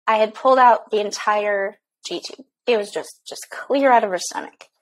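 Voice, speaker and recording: A woman's voice: medium pitch, moderate pace, low-quality recording. A young adult woman and mother telling a candid, emotional story-time vlog, swearing now and then, with plenty of fillers. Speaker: vlogger mom.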